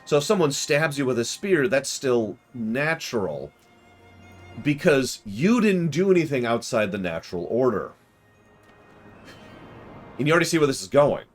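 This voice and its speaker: A man streaming a game, chatting casually and retelling scenes with quick mock voices and exasperated outbursts. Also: medium pitch, sing-song, soft background music. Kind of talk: casual let's-play commentary.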